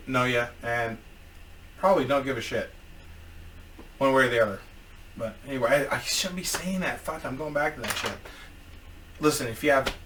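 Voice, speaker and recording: A man's voice: medium pitch, fairly bright tone, far from the mic. A man telling a story in a casual, profane, rambling vlog as a YouTuber.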